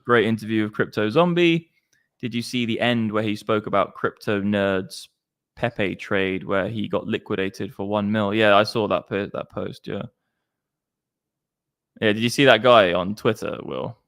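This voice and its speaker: Brief: male streamer, casual slangy chat, smooth clear voice. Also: lowish voice, unhurried, a bit bright. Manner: chatty, slangy, swearing. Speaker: crypto stream host.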